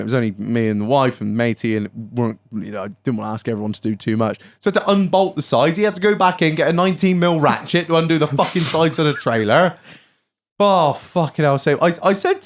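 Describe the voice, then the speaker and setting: Sweary animated man telling a story. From England. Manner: sweary, animated, puts on high voices for quoted people. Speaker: podcast co-host. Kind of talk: casual storytelling chat.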